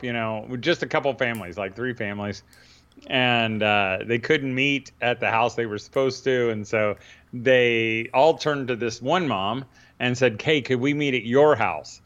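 Male podcast co-host, smooth voice, laughs through his stories, lo-fi sound. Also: medium pitch, normal speed, fairly bright tone. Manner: rambling storyteller, laughs often. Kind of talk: casual chat.

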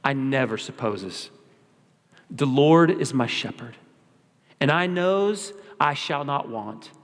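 A poor but joyous old-time woman, voiced by a male preacher, answers in homely, folksy dialect. Her speech is low and unhurried. Church-hall reverb trails each phrase. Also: animated. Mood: serene. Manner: folksy dialect, plain-spoken.

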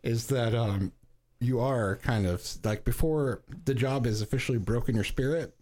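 A man's voice: mid-range voice, moderate pace, a little mellow, slight background noise. A man co-hosting a podcast in casual chat, joking and prompting the others with questions. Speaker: podcast co-host.

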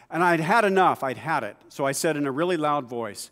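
A male pastor preaching a sermon, telling stories in a relaxed, conversational way with frequent asides. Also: a little high, brisk, few pauses, big-room sound. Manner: conversational storytelling with asides and laughs.

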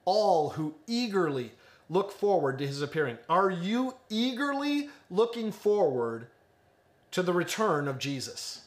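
A man's voice: sits high, sing-song, unhurried. A young man preaching an earnest online sermon, building emphasis through repetition. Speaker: pastor.

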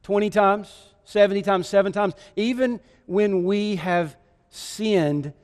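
A preacher with a high voice tells the story vividly and keeps asking his listeners questions. His voice rings out in a large church hall with a long reverb. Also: steady tone, slow pace, a little mellow. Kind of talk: sermon.

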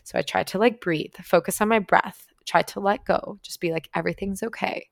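A woman's voice: mid-range voice, moderate pace, vocal fry, no echo, clean studio sound. A woman casually telling a personal story to her viewers, talking loosely with lots of "like" and frequent swearing. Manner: chatty, heavy use of "like", frequent swearing. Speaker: vlogger.

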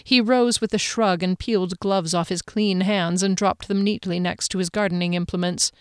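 A woman narrating a novel in an even, measured storytelling manner. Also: on the low side, clean tone, no room sound, clean studio sound. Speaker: audiobook narrator. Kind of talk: scripted narration.

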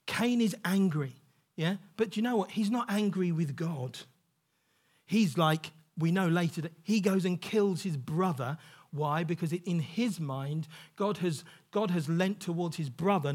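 A male preacher giving a sermon in a conversational, emphatic way, often checking in with the congregation. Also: high voice.

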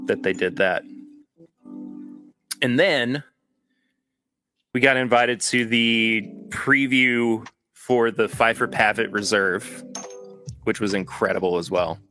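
A man's voice: lowish voice, sharp tone. Tired man rambling on his podcast. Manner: rambling, self-correcting. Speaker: podcast host. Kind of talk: casual chat to live viewers.

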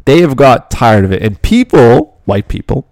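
A Canadian podcast host, talking in a rambling, conversational way with lots of fillers. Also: male voice, mid-range voice, very animated, normal speed, a little mellow, dry recording, clean studio sound. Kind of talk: casual monologue.

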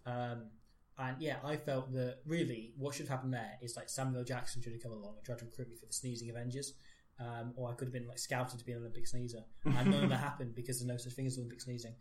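A man's voice: mid-range voice, flat delivery, fast talker, darkish tone, reverberant. A young man co-hosting a comedy podcast, riffing with dry, offbeat jokes. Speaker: podcast co-host. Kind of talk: casual comedy chat.

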